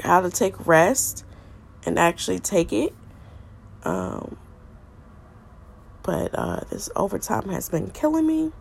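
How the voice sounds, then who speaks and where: A woman's voice: mid-range voice, gravelly, husky. A middle-aged woman hosting a faith podcast, stuffy and congested from a cold, earnestly repeating her points like a preacher. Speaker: podcast host.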